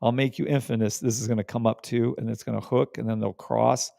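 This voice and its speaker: A man's voice: mid-range voice, steady tone, a little fast, gravelly, warm tone, no room sound, studio quality. A man hosting a live trading stream, talking casually and emphatically, repeating words for stress and swearing when riled. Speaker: trading livestream host.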